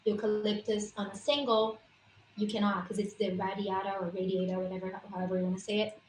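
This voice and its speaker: A woman's voice: medium pitch, steady tone, fast talker, roomy sound, slight background noise, poor audio. A woman on a casual livestream, explaining essential oils in a persuasive, emphatic, informal way.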